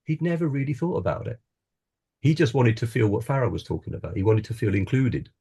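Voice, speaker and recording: A man's voice: medium pitch, very animated, fast, gravelly, warm tone, husky. A man who grew up in Scotland, telling a personal story on a panel in an earnest, reflective way. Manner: earnest, reflective, with restarts and laughs. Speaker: wellbeing coach, panel guest.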